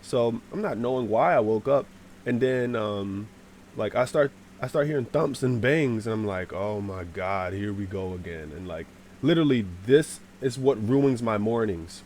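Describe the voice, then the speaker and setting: A man telling a casual, rambling storytime to his channel, slangy, with sudden shouted bits. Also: medium pitch, normal speed, a little hiss or hum. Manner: animated, swears, shouts out acted lines.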